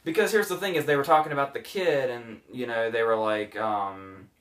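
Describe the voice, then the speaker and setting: A man's voice: mid-range voice, fairly quick, few pauses, fairly bright tone, far from the mic. A man hosting a casual movie review podcast, sarcastic and mocking scenes as he retells them.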